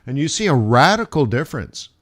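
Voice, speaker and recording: A man from the United States rambles casually on a live stream, restarting his sentences and laughing at his own story. His voice sits at an ordinary middle pitch, and he talks like a trader chatting with viewers between charts. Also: sing-song, fairly quick, fairly bright tone. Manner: chatty, many restarts, laughs while telling stories. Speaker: livestream host, forex trader. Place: home studio during live stream.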